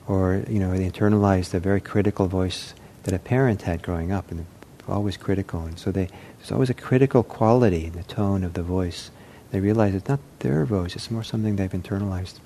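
A man with a lowish, mellow voice gives an unhurried meditation talk. He talks in a gentle, reflective way, pausing often and restarting his sentences. A faint hiss sits underneath him. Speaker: meditation teacher. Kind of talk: unscripted dharma talk.

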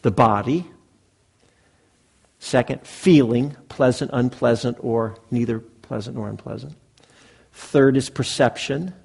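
A man gives a dharma talk to a live group in a meditation hall. His voice is gravelly and a little husky, at an ordinary pitch. He talks conversationally and checks in with the listeners often. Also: takes it slowly, pauses often, darkish tone. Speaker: meditation teacher.

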